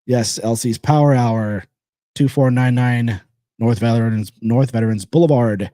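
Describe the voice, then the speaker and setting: Man, podcast host, blunt and rambling, dry close sound, mid-pitched voice. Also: measured pace, no room sound. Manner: blunt and rambling, with repeated phrases and sponsor shout-outs. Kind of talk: casual solo podcast monologue.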